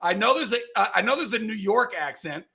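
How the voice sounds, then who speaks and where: Loud, gravelly, high-pitched man host. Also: animated, brisk. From California. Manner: loud, emphatic, argumentative. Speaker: podcast host. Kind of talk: casual sports banter.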